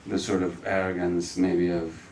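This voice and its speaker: Low-voiced man telling stories at a film Q&A. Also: flat delivery, measured pace, darkish tone, slight background noise. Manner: chatty, laughs often while talking. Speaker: guest at a film Q&A. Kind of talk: casual anecdotal storytelling. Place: cinema hall in front of an audience.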